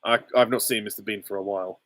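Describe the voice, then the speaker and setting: A man's voice: fairly low pitch, fairly even intonation, quick pace, a bit bright, a little hiss or hum. Giggly man hosting a live Q and A. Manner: chatty, giggly, self-deprecating. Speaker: channel host answering viewer questions. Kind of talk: live stream Q and A.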